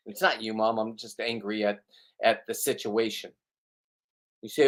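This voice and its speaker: A man's voice: lowish voice, moderate pace, long pauses. Blunt riled-up middle-aged man. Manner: blunt, riled up, rambling with restarts. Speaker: vlogger. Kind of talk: ranting casual monologue to camera.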